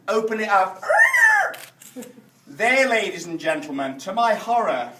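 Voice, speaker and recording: A middle-aged man from England giving a humorous speech at a function, animated and shouting punchlines. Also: high voice, a little slow. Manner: animated storyteller, shouting punchlines amid laughter. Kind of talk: humorous after-dinner speech. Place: function hall with audience. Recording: echoey hall, distant mic, noisy.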